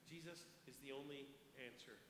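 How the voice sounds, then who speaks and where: A man preaching a sermon as a pastor, passionate, swinging from hushed asides to loud appeals. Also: medium pitch, a little fast, a little hiss or hum. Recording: echoey hall with long reverb.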